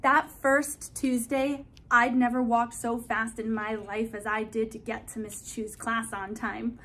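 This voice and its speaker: A woman reading a children's storybook aloud with an expressive, careful delivery. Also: on the high side, measured pace, slight background noise.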